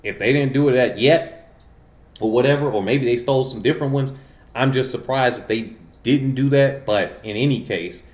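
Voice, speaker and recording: A man talks straight to his viewers in a loose, animated monologue. He wanders from point to point, stops to correct himself, and leans on plenty of "uh"s along the way. His mid-pitched voice carries a noticeable echo from the room around him. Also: moderate pace. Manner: animated, rambling, with many fillers and self-corrections. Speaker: channel host. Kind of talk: casual monologue commentary. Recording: roomy echo.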